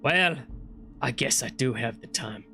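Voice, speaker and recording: A man's voice: medium pitch, lively intonation, unhurried, gravelly, bright, forceful tone, soft background music, voice pushed down, exaggerated voice. A man reading the lines of a stout older Scottish fighter from a game, in his own voice without the accent. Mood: friendly. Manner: read-aloud game dialogue, no attempt at the accent.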